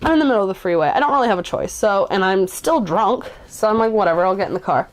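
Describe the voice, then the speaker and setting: A woman's voice: mid-range voice, expressive, fast talker. A woman in her twenties, in recovery, telling a personal story in a casual, chatty way with lots of "like" and blunt swearing. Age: 20s.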